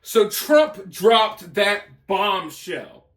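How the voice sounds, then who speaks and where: A man's voice: sits high, very animated, drawn-out words, a bit bright, echoey room, distant mic. A man giving emphatic, mocking political commentary. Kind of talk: opinion commentary.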